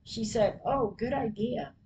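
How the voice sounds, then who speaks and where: A woman podcaster reading her diary entries aloud, retelling each call in a plain, measured way. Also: a little high, steady tone, background noise.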